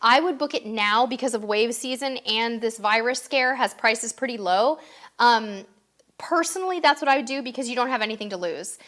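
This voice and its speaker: A woman's voice: on the high side, normal speed, fairly bright tone. A woman hosting a casual live stream, upbeat and chatty, reading out viewers' questions and answering them. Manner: chatty, upbeat, reads comments aloud.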